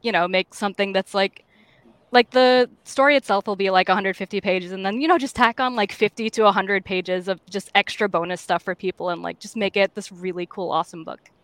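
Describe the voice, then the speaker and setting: Bubbly young woman, smooth dry voice. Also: mid-range voice, fairly even intonation, a little fast, fairly bright tone, dry recording. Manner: bubbly, full of "like" fillers. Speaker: comic creator. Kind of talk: casual chat.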